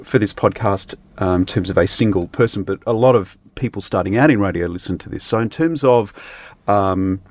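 A man hosting a podcast interview. He speaks briskly in a somewhat low voice, earnest and curious, often repeating a word or two while shaping his next question. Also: darkish tone.

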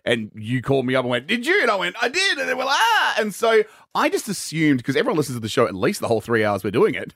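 A man's voice: medium pitch, racing, few pauses, no echo. A man on breakfast radio, his voice swinging up and down as he jokes and laughs. The sound is close and dry, with no room around it. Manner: animated, laughing, jokey. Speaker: radio co-host. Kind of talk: casual radio banter.

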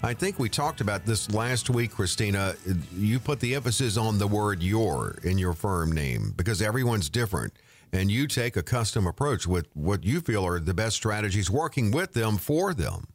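Lively male radio host. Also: fairly low pitch, normal speed. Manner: lively, promotional, reads phone numbers. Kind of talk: radio talk show hosting.

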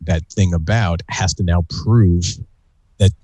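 A man's voice: low voice, steady tone, slow pace, dark tone, husky, dry recording. A man co-hosting a podcast, agreeing and adding earnest points. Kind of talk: casual podcast chat.

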